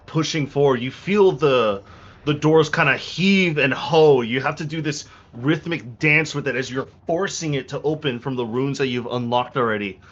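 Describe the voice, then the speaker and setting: A man running a tabletop game as game master, narrating dramatically and slowing down for effect, with frequent restarts. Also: medium pitch, fairly bright tone. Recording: dull lo-fi recording, faint music.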